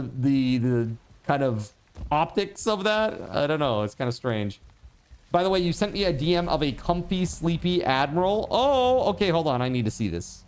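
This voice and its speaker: A male game streamer talking casually to his live chat, rambling and filling gaps with lots of filler words. His pitch rises and falls a great deal, so he sounds lively and animated. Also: moderate pace. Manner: rambling, chatty, many fillers; talks to chat viewers. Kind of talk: casual livestream chat while gaming.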